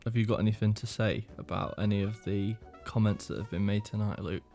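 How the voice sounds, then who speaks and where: A man's voice: fairly low pitch, fairly even intonation, a little fast, warm tone, soft background music. A man co-hosting a comedy podcast, teasing his co-host with short prompts and quips. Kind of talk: casual podcast banter.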